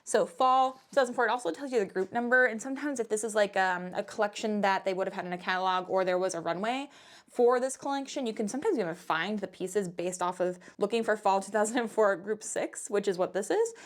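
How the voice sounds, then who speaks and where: A young adult woman who resells thrift finds chats in a casual, upbeat vlog as she shows off what she found. She talks fast in a mid-range voice.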